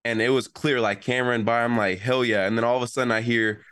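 A man's voice: mid-range voice, quick pace, dry recording, clean studio sound. A young man, a college football player, telling in casual chat how a play went, acting out what people said. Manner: animated storytelling, acts out quotes.

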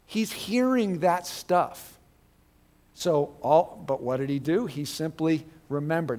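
A man's voice: fairly high pitch, a little mellow, in a large hall. A man teaching a Bible class in a conversational, digressive sermon style with joking asides.

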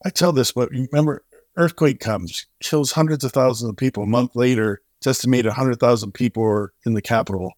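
A charity co-founder appears as a guest on an interview show, telling stories animatedly and acting out the quoted voices with big pitch jumps. He speaks fairly quickly, and the recording is dry with clean studio sound.

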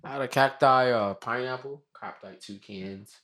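A man's voice: medium pitch, normal speed. A man co-hosting a podcast in loose, joking casual chat. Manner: loose, jokey, swears, shouts in bits. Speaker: podcast co-host.

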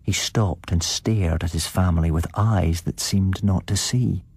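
A man narrating a ghost story on his podcast in a measured, suspenseful way. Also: sits low, a little mellow, slightly rough. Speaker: podcast host and story reader.

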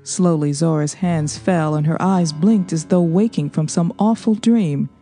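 Mellow-voiced woman reading a novel aloud. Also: low voice, soft background music. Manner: steady, even, measured storytelling. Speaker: audiobook narrator. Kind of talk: scripted narration.

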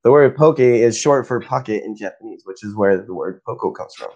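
A man co-hosting a podcast in casual chat, reading trivia out in an unhurried, amused way. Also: on the low side, a little mellow, muffled recording. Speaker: podcast co-host.

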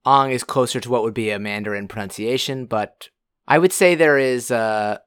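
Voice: mid-range voice, clear, resonant tone, no room sound. Podcast co-host, casual film talk, thoughtful, dry recording. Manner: measured, thoughtful, hedging opinions.

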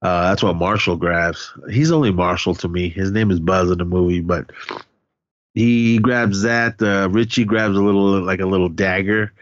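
A man's voice: low-pitched, normal speed, no room sound, muffled recording. Rambling man retelling a movie. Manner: rambling, animated retelling with voiced reactions and cursing. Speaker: podcast co-host recapping a film. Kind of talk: casual chat.

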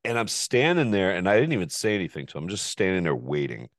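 Deep-voiced man telling a story. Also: fast, no room sound, studio quality. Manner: profane, animated, laughs often. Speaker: podcast host. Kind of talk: casual storytelling.

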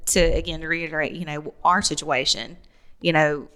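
A woman's voice: deep voice, fairly even intonation, normal speed, a bit bright, clear, resonant tone. A woman hosting a casual chat, encouraging and reassuring her guest.

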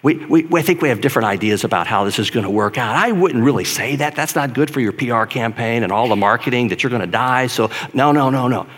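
A man voicing the apostle Peter as a casual, chummy grown man, speaking softly and quickly with stammers. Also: mid-range voice, expressive, in a large hall, pitched below the performer's own voice. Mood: placating. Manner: laid-back, hesitant, conversational.

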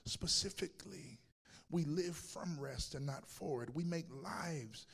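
A man preaching a sermon as pastor, moving between loud, fervent declarations and hushed, whispered passages. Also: fairly high pitch, measured pace, creaky, slightly rough. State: lives with chronic pain.

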